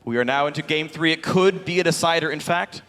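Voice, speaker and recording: A man's voice: on the high side, quick pace, fairly bright tone. A man co-casting an esports match in a casual, joking, conversational way. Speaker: esports caster. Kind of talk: color commentary. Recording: faint music behind.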